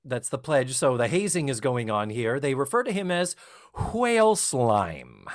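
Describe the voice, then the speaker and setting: A man in his fifties from Massachusetts's South Shore co-hosts a podcast in a chatty, joking way, reading from notes at an easy, measured pace. His medium-pitched voice swings widely in pitch during the casual chat.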